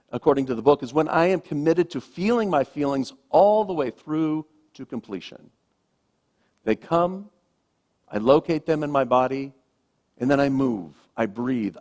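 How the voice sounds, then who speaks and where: A man, a minister, giving a gentle, reflective sermon with slow, emphatic pauses, speaking to a congregation in a church. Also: on the high side. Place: church sanctuary.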